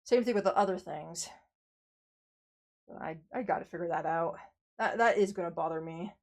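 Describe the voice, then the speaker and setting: A woman with a fairly low-pitched voice chats at a moderate pace on a casual live stream after working out. She's tired and out of breath, rambling, self-deprecating and sighing often.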